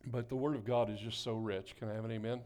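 A man's voice: lowish voice, fairly even intonation, fast talker, darkish tone. A pastor preaching a sermon and praying before his congregation, calling for amens and building to emphatic exhortation. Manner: call-and-response, rising to emphatic exhortation. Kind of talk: sermon with prayer. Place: church sanctuary before a congregation.

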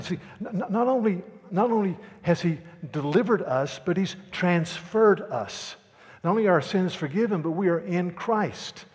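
A male pastor preaching a sermon, emphatic and repetitive, building to loud declarations. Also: high voice, expressive, normal speed, in a large hall.

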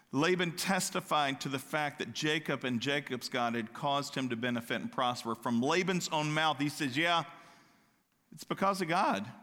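A man preaching a sermon, animated, slipping into loud, high-pitched outbursts when he acts out what people say. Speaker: pastor. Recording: long hall reverb.

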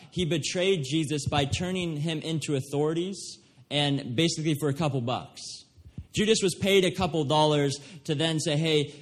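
A young man giving an earnest, emphatic sermon, often checking in with his listeners. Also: a little high. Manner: earnest, emphatic preaching with restarts and "right?" asides. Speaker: pastor.

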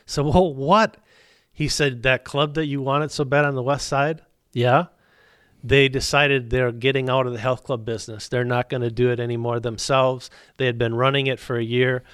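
A man's voice: mid-range voice, fairly even intonation, normal speed, fairly bright tone, smooth, dry recording, studio quality. A middle-aged man, a business owner telling his faith story as a guest, acting out both sides of the dialogue. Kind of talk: storytelling testimony.

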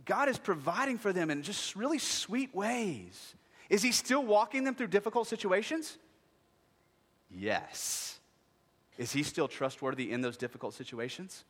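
A man in his thirties preaching a sermon, lively and joking, acting out voices as he speaks. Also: high voice, unhurried. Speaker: pastor. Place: church sanctuary. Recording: long hall reverb.

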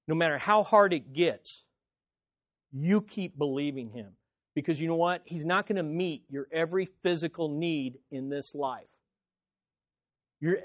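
A man preaching a sermon as pastor, swinging between loud emphatic peaks and quiet low phrases, repeating words for emphasis. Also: no room sound, clean studio sound. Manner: preaching with wide swings in loudness and pitch.

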